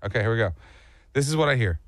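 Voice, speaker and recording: A man's voice: medium pitch, animated, rapid-fire, no echo, studio quality. A young man co-hosting a morning radio show, animatedly telling a story and acting out sounds and voices.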